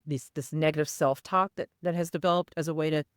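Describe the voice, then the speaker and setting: Low-voiced, smooth-toned woman podcaster. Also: fairly even intonation, fast talker, no room sound, clean studio sound. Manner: earnest, reflective, candid. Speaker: podcast co-host. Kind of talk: casual podcast chat.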